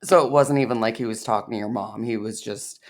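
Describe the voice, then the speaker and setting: A woman's voice: rumbling low, fairly quick. A woman co-hosting a reaction video, speaking in a dry, teasing way. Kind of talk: casual reaction chat.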